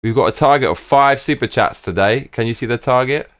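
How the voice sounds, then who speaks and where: A man's voice: medium pitch, fairly quick. A man hosting a casual live stream chat, thinking aloud and repeating "look" and "bruv" as he plans a trip. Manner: excitable, thinking aloud, repeats 'look' and 'bruv'. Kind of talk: casual chat while planning a trip with viewers.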